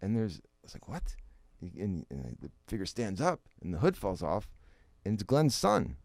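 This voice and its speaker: A man with a very low, gravelly voice tells a story in a loose, casual way. His pitch swings widely as he acts out what others said. The sound is dry and close to the mic. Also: moderate pace, few pauses, no room sound. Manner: animated storyteller, acts out quotes, laughs often. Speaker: interview guest.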